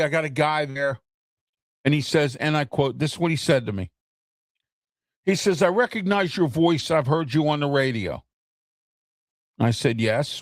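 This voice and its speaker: A man's voice: mid-range voice, dry recording, studio quality. A man hosting his own opinion talk show, speaking heatedly and repeating himself, often checking in with "okay?". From United States. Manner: heated, repetitive, keeps asking "okay?".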